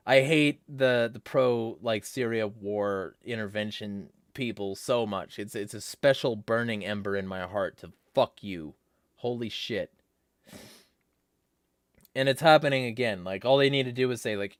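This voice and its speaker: A man's voice: mid-range voice, moderate pace, no room sound, clean studio sound. A man hosting a casual livestream, reading chat comments aloud and ranting bluntly with lots of profanity. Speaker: livestream host.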